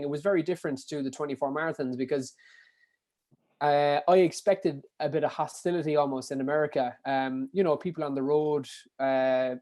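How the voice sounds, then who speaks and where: A man from Ireland with a Kerry accent tells his stories at a rapid clip. His voice sits a little high, and he talks animatedly with casual swearing and plenty of fillers. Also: a little mellow. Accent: Kerry Irish. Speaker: podcast guest, endurance athlete. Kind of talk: casual storytelling.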